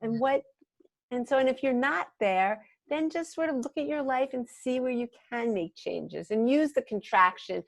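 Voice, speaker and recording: A woman guest on an online talk, gushing and a little halting as she shares her thoughts. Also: fairly high pitch, expressive, vocal fry, no echo. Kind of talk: casual chat.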